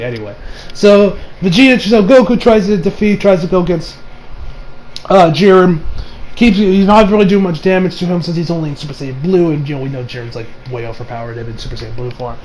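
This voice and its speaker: A man giving a casual, excitable anime review, rambling and swearing with bursts of loud laughter. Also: high voice, brisk, slight background noise, poor audio. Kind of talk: casual reaction commentary.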